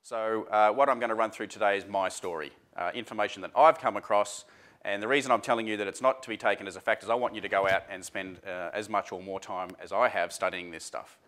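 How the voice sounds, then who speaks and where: Aussie guy, lowish voice, running a seminar, loose and chatty, lots of uhs. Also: fairly even intonation, quick pace, fairly bright tone. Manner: chatty, informal, many fillers and restarts. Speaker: seminar presenter. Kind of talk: casual workshop talk.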